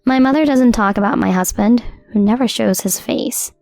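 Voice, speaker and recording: A woman narrating a scripted first-person story in an even, measured way. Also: a little high, vocal fry, no room sound, faint music behind.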